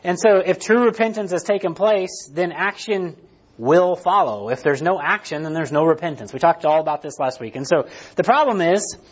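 A man's voice: a little high, expressive, moderate pace, breathy edge, lo-fi sound. A man preaching a sermon in a conversational way, often checking in with "right?" and restarting his sentences. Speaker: pastor.

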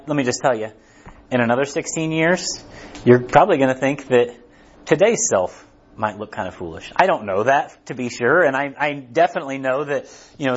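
A male pastor giving a sermon in a conversational, animated way, with frequent asides to the congregation. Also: a little high, highs cut off.

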